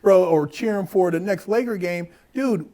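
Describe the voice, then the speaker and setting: A fairly high-pitched man hosting a podcast. He talks in a loose, animated way, swears freely and acts out the people he quotes. He sounds middle-aged. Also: moderate pace. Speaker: podcast host. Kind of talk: casual conversation.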